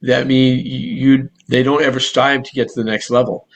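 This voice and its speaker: Energetic Boston-accented man. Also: medium pitch, vocal fry. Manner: energetic, rapid, rambling with restarts. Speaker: real estate broker and coach. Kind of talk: casual online group talk.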